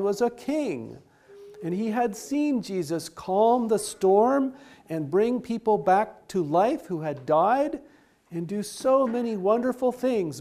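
A man with a high voice gives a Bible lesson as a slow, unhurried story. He explains each step in plain words and stops now and then to ask his listeners a question. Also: warm tone. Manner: simple explanatory retelling with asked questions. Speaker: Bible teacher.

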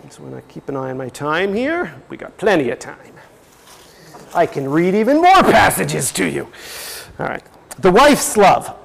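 A man's voice: high voice, very animated, moderate pace, creaky, big-room sound. A man giving a religious teaching talk, explaining step by step and reading passages aloud. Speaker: presenter.

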